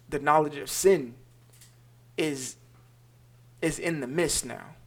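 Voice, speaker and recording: A man giving a Bible lesson. He talks emphatically, repeats himself, slows down to stress key words and keeps checking in with "all right?". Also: fairly high pitch. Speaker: Bible teacher. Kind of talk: scripture lesson.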